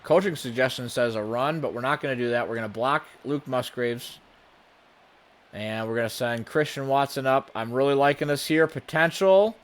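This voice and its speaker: A man giving running play-by-play commentary on his own video game session, with sudden bursts of excitement. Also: medium pitch, moderate pace. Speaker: gaming channel host.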